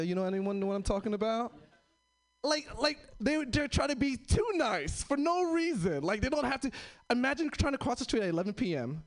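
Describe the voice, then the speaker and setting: A man doing a stand-up set on stage, his voice pitched high for a man and swinging widely up and down. He works the room with teasing questions. A handheld stage mic picks him up. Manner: animated, teasing the audience with rhetorical questions. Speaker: stand-up comedian. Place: packed comedy venue stage.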